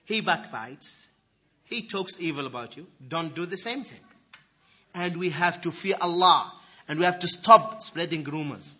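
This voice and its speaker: Lively husky-voiced male preacher. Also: fairly high pitch, a little slow. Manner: animated, swings from loud emphasis to soft asides. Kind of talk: sermon.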